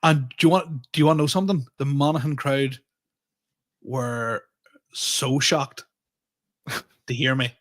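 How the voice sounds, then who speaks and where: A man with a Tyrone accent in casual podcast chat. He spins animated anecdotes, slips into the voices of the people in them and laughs often. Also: medium pitch, a little slow, pauses often. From Middle East. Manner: animated storytelling, acting out quoted dialogue, laughing often. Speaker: podcast co-host, comedian.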